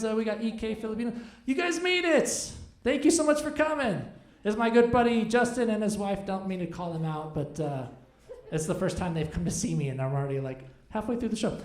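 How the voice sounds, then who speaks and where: A man's voice: high voice, animated, a little fast. A man in his forties doing a rambling, self-deprecating stand-up set, chatting with the audience from a club stage. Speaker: stand-up comedian. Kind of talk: stand-up comedy set with crowd work. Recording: echoey live room.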